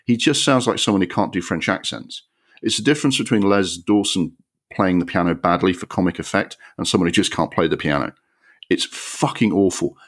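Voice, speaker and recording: A man with a very low voice rants about a film on his podcast, exasperated and sarcastic, swearing freely. His delivery swings between grumbling and incredulous outbursts. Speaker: podcast host. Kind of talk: ranting film review.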